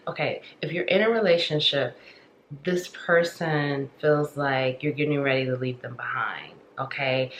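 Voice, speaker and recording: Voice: medium pitch, fairly bright tone, echoey room, slight background noise. A tarot reader giving a casual spiritual reading, chatty and full of filler words, talking straight to the viewer.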